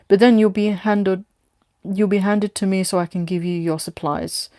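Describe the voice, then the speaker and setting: A woman's voice: mid-range voice, fairly even intonation, moderate pace, dark tone, dry recording, clean studio sound, close to an everyday voice. A woman voicing a brash mocking female London tough. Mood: taunting. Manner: taunting, blunt.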